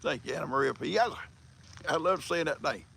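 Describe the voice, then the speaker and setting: A man's voice: a little high, lively intonation, brisk, gravelly, fairly bright tone, breathy edge. An older man with a country accent, hosting a livestream in folksy, rambling casual chat and reading viewer comments. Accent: American country. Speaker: livestream host.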